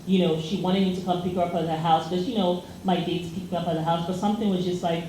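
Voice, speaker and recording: A woman's voice: on the low side, fairly even intonation, fast talker, mellow. A woman co-hosting a casual chat, telling a story in a loose, filler-heavy way. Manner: chatty storytelling with many fillers. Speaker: co-host. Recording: echoey room, faint noise.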